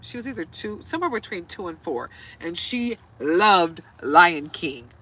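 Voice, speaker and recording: A woman's voice: lowish voice, very animated, measured pace, fairly bright tone, poor audio. A woman tarot reader chatting to camera from inside a parked truck, telling stories, laughing often and now and then getting choked up. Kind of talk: casual chat to camera.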